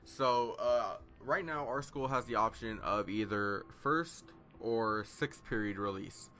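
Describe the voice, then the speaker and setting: Bright-voiced teen guy rambling a story. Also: fairly low pitch, slow, faint music behind. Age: teens. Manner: rambling, filler-heavy, self-deprecating. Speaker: gaming vlogger. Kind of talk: casual storytelling over gameplay.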